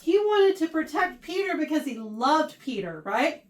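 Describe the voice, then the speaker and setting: A woman teaches a youth Bible class in a church, her voice pitched high and set a little back from the microphone. She reads scripture aloud, then retells it in plain everyday words. She keeps checking in with the teens through quick questions. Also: sing-song. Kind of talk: casual Bible lesson to teens. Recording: voice picked up from a distance.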